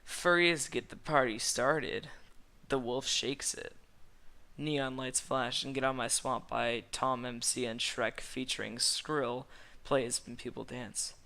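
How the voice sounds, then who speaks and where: A man reading a comic story aloud in a deadpan way, stumbling over words now and then. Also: mid-range voice, slow, creaky. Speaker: reader. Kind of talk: comic reading of fan fiction.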